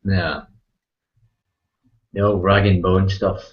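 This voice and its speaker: A man's voice: low-pitched, little pitch movement, takes it slowly. A man with a Glasgow accent in a casual online voice chat, giving short, laid-back, agreeable replies. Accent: Scottish, Glasgow. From Scotland. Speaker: voice chat participant. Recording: lo-fi voice chat with loud background noise.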